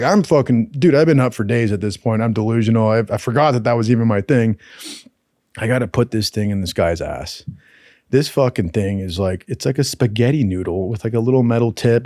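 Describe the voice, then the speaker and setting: A man spins loose, profanity-laced anecdotes in a casual storytelling voice, and he keeps slipping into quick impressions of the people in them. His voice is dry and close, with no room sound around it. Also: fairly low pitch, mellow, no room sound. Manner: profane, rambling anecdotes with acted quotes.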